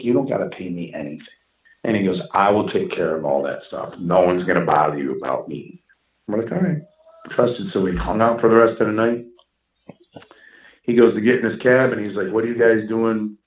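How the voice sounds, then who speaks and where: A man, telling music stories in a casual interview, animated and swearing freely. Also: fairly low pitch. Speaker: musician guest. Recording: echoey, dull lo-fi sound.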